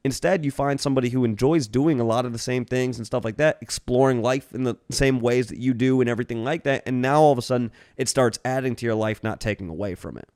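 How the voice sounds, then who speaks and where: A podcast co-host in a casual chat talks through his ideas at length, explaining as he rambles and often checking in with "right?" His medium-pitched, slightly mellow voice moves quickly with few pauses, in a dry, clean studio recording.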